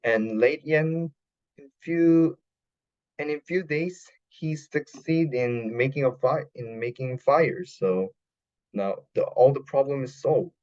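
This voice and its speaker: Halting man retelling a film. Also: mid-range voice, darkish tone, muffled recording. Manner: halting, many fillers and restarts, non-native grammar. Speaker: podcast host. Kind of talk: casual retelling of a film plot.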